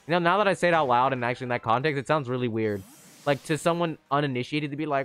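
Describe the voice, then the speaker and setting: A man giving chatty, excitable live commentary on a game he is playing, with sudden high squeals. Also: quick pace, smooth. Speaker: streamer.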